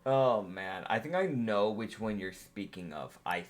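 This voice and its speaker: A man's voice: fairly low pitch, lively intonation, a little slow. A young man acting as game master, chatting casually, laughing often and swearing freely. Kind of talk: casual tabletop game chat.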